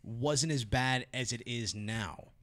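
A man's voice: medium pitch, slow, a bit bright. A man co-hosting a casual podcast, opinionated and emphatic, swearing casually as he makes his points. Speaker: podcast co-host.

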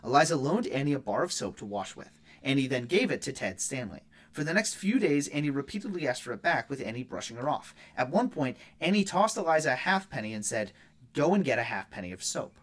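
A man co-hosts a casual true-crime podcast. He reads through case notes at a brisk clip with plenty of swing in his pitch and drops in quick offhand asides. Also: big pitch swings, fairly bright tone. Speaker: podcast co-host.

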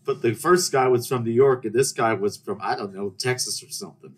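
A man's voice: mid-range voice, brisk, slightly rough. A young man hosting a podcast, telling rambling, self-deprecating stories about his trip in a casual monologue. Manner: rambling, self-deprecating anecdotes with acted-out quotes. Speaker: podcast host.

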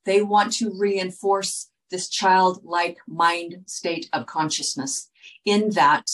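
Recorded on low-quality audio, this woman speaks in a lowish register straight to the camera. She's a wellness speaker whose earnest, lecturing delivery keeps checking in with "okay?"

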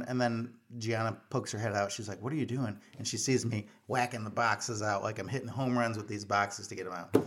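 A middle-aged man, talking casually to the camera in a voice of ordinary pitch. He tells a story in a chatty, self-mocking way, full of fillers and restarts. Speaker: vlogger.

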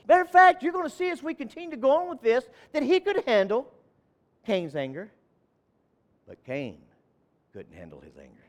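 A high-voiced man preaching as pastor in a church. He repeats words and phrases, swinging from loud, ringing calls down to near-murmurs, and breaks out in fervent exclamations. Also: huge pitch swings, moderate pace, pauses often. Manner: moves around while preaching. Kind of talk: sermon.

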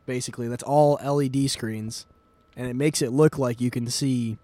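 A man's voice: mid-range voice, fairly even intonation, normal speed, mellow, dry recording. A man hosting a podcast in casual chat, retelling things in a rambling way with many fillers and swearing. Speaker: podcast host.

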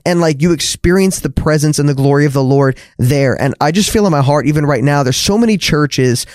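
An earnest male podcast host in casual conversation, his voice sitting on the higher side. He often doubles back on his words. The sound is dry and close, with no room around it. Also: fairly quick, darkish tone, no room sound.

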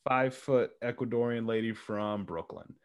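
A man co-hosting a casual chat, telling animated stories with frequent laughs and swearing. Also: mid-range voice, moderate pace, crowd noise. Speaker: podcast co-host.

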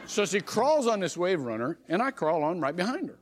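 A middle-aged man, a pastor, preaching a sermon by telling a personal story, animated and chuckling often, with frequent restarts. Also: sits high, moderate pace, few pauses, a crowd in the background, background noise. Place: church sanctuary. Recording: long reverb of a church hall.

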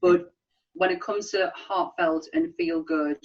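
A woman co-hosting a podcast in casual chat, animated, laughing often and restarting her sentences. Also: lowish voice, unhurried. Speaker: podcast co-host. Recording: distant, dull lo-fi sound.

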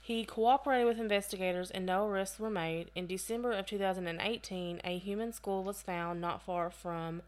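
A woman co-hosts a casual true-crime podcast, reading case details aloud at an even, middling pitch. She keeps stopping to add loose, chatty asides and the odd laugh before going back to the notes. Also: normal speed, few pauses. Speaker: podcast co-host.

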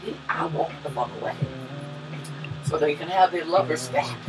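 A woman co-hosting a podcast, telling a personal story in a loose, profane, animated way and laughing often. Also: low-pitched, unhurried, pauses often, far from the mic, over music, poor audio. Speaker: podcast co-host. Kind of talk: casual storytelling chat.

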